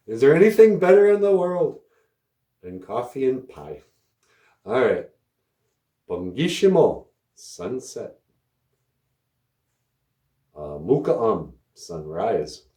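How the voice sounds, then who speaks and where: A man's voice: mid-range voice, mellow, roomy sound. A man hosting a language podcast, telling casual stories and laughing often as he goes. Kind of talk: casual storytelling lesson.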